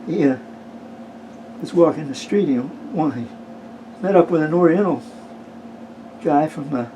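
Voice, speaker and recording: A man telling jokes in a folksy, unhurried way, pausing often with "uh". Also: a little high, dark tone, a little hiss or hum, low-quality recording. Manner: folksy, unhurried, with frequent "uh" pauses. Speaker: amateur joke teller. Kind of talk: casual joke telling.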